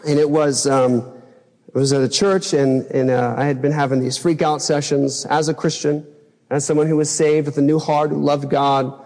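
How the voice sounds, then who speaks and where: A male pastor delivering an impassioned sermon, his voice pitched a bit high for a man. He leaps up when he replays his old outbursts. The church sanctuary carries a long, trailing reverb. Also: darkish tone. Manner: impassioned preaching, acts out his own past outbursts in a raised voice.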